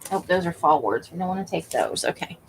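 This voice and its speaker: A woman's voice: lowish voice, animated, brisk, a little hiss or hum, poor audio. A woman hosting a crafting livestream, chatting casually with viewers while she works and laughing often. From Nevada.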